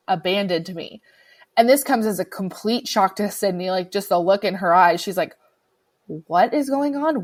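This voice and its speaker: A woman co-hosting a podcast, recapping a film in casual chat and acting out the quotes as she goes. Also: medium pitch. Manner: animated storytelling, acts out quotes. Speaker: podcast co-host.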